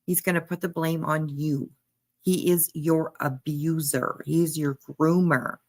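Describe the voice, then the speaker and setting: A woman's voice: sits low, fairly even intonation, a little slow. A woman reacting to a clip on a live stream, blunt and emphatic, talking straight back at the person on screen. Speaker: commentary streamer.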